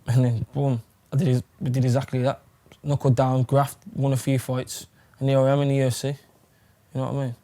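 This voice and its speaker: A man's voice: medium pitch, flat delivery, fairly quick, dark tone. A young man from England, chatting casually in an interview, rambling with plenty of fillers and swearing. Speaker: fighter.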